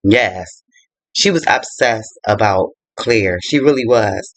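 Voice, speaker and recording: Animated man retelling a book plot. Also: lowish voice, takes it slowly, no room sound. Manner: animated colloquial storytelling. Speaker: book reviewer.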